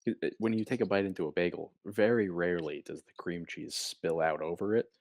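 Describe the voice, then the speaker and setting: A young man with a low, deep voice chats casually as a comedy podcast co-host. He spins long, playful, rambling stories. The sound is dry and close, with no room echo. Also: brisk, a little mellow.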